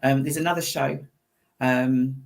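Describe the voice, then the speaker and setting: Woman, low voice, co-host, casual upbeat talk. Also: fairly even intonation, measured pace, vocal fry, darkish tone. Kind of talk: casual chat.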